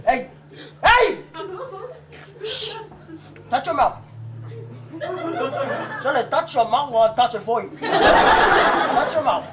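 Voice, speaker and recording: Man doing a shrill bullying dad. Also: big pitch swings, slow pace, pauses often, heavy background noise, heavily acted. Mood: scolding. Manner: scolding, bullying, repeats "huh?" constantly. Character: stern shouting Samoan father, village chief. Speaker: comic stage actor. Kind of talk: live comedy skit.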